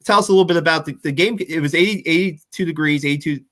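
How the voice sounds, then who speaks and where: A man's voice: on the high side, very fast, fairly bright tone. Chatty man breaking down a football game. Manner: chatty, restarts often, tags points with "right?". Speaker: podcast host. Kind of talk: casual postgame football analysis.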